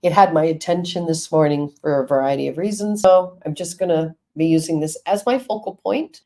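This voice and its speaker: Low mellow lady counselor, frank and chatty, talking to her live stream folks. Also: fairly quick. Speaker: Reiki teacher and counselor. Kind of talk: live-stream talk to viewers.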